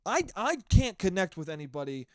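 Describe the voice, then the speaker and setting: A young man hosts his own podcast in a dry, close-miked recording. His fairly high voice swings widely in pitch as he rants with plenty of swearing. He wanders from point to point in a loose, animated monologue. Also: fairly quick, dry recording. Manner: animated, profane, rambling rant. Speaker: podcast host. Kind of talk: casual solo podcast monologue.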